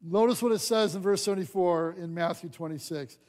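A man's voice: high-pitched, a little fast, a little mellow. A man preaching a sermon as pastor, acting out the voices of the scripture scenes he reads. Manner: dramatic acting out of scripture dialogue.

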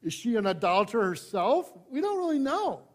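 A man preaching a sermon, shifting from loud emphasis to hushed asides, conversational with light humor. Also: extremely high pitch, very animated, fairly quick. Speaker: pastor.

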